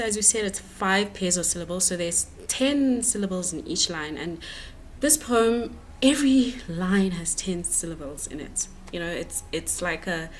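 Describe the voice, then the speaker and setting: Woman teacher, low-pitched, halting exam-prep explainer, faint hiss behind. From South Africa. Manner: explains step by step, many fillers and restarts. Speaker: English teacher.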